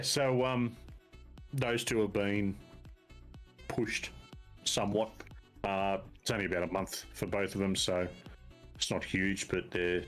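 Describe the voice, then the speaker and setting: A man co-hosting a gaming podcast, giving game news in a relaxed, laid-back way. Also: fairly low pitch. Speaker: podcast co-host. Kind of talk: casual gaming podcast chat.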